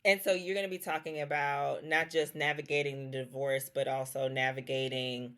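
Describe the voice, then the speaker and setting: A woman's voice: low-pitched, little pitch movement, normal speed, fairly bright tone. Emotional woman host, near tears. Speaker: podcast host. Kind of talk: heartfelt interview wrap-up.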